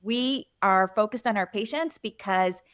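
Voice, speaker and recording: A woman's voice: medium pitch, unhurried, a bit bright, clean tone. A middle-aged woman physician, a podcast guest, chatting casually and often saying "you know" and "right?". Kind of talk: casual interview chat.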